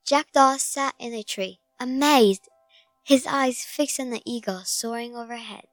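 Slow storybook narrator, a woman. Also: a little high, no echo, faint music behind. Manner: slow, gentle storybook reading. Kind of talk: scripted narration of a fable.

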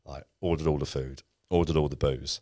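A man, co-hosting a podcast in casual, lively chat and swearing often. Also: a bass voice, brisk, no echo, clean studio sound. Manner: lively, swears often, acts out friends' lines. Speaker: podcast co-host.

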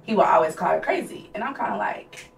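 A woman's voice: mid-range voice, lively intonation, brisk, vocal fry. A young woman co-hosting a podcast, telling a personal story in a candid, casual way with lots of "like". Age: young adult. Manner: candid, conversational, heavy use of "like". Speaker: podcast co-host. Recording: roomy echo, distant mic, faint noise.

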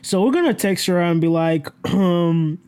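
A man's voice: high-pitched, animated, unhurried, darkish tone, clean tone. A young man vlogging casually to his camera, telling a story in a rambling, self-correcting way, swearing freely and laughing often.

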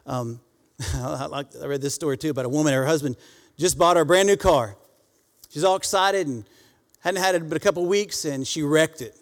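A man's voice: fairly high pitch, normal speed. A man preaching a sermon to a congregation, calling out for responses and reading scripture aloud. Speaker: pastor. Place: church sanctuary. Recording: church hall reverb.

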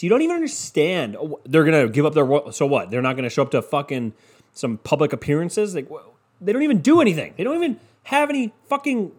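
A man's voice: sits high, slightly rough. A young man from the United States ranting casually, sarcastic and profane, mocking his topic.

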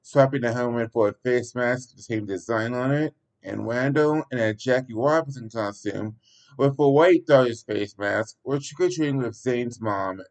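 A man with an ordinary mid-pitched voice narrates a story aloud. The reading is halting, with small slips and restarts, like an amateur recording. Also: a little mellow, low-quality recording.

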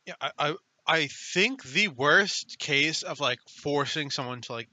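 A man with a very bright, forward voice, recorded close and dry, chatting as a movie-review co-host. He piles on "like" and speaks with sarcastic, quick energy. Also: a little high, lively intonation, no echo. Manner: fast, filler-heavy, sarcastic. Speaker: podcast co-host. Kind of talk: casual movie-review chat.

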